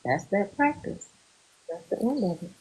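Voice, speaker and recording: A woman therapist guides a group through a muscle relaxation exercise, giving slow, calm instructions with pauses. Her voice sits in the mid-range, and the audio is poor.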